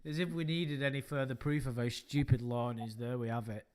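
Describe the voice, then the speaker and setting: A man's voice: mid-range voice, steady tone, fairly quick, a little mellow, clear, resonant tone. A man co-hosting a casual podcast chat, rambling and amused, swearing now and then. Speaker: podcast co-host.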